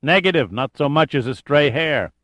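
A man's voice: fairly high pitch, expressive, moderate pace, fairly bright tone, dry recording. A man voicing a blunt male army major reporting by radio in clipped military talk.

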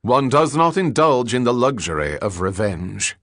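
A man voicing a suave, superior English spy who speaks in a clipped, measured way. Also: mid-range voice, very animated, fairly bright tone, no echo, studio quality. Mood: lofty.

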